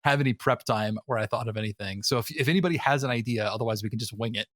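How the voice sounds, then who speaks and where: A podcast host with a mid-range male voice talks fast in casual, rambling chat, full of fillers and frequent laughs. The recording is dry, with clean studio sound.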